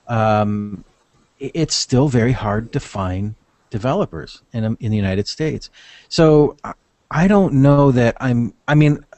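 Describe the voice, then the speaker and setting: A man's voice: medium pitch, a little mellow, no room sound. A man, a podcast guest, giving casual business advice in a rambling, think-aloud way with many restarts.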